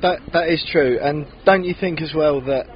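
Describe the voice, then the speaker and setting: A man's voice: a little high, normal speed, muffled recording. A man with an English accent co-hosting a casual podcast, chatting outdoors at a city-centre bar. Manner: chatty, self-deprecating, builds in excitement. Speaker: podcast co-host. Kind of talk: casual chat.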